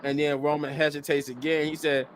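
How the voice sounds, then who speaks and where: A man co-hosting a podcast, recapping events in an animated casual way and laughing easily. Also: fairly high pitch, brisk, a little hiss or hum. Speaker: podcast co-host.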